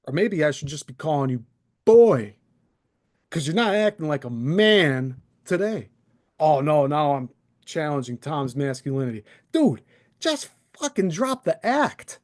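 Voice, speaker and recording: A man in his thirties rants alone to his camera, heated and sarcastic, cursing as he goes. His voice sits fairly high and leaps all over the place as he works himself up. He speaks into a desk microphone. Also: unhurried. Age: 30s. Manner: heated, sarcastic, profane, very animated. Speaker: channel host. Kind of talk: angry solo rant to camera.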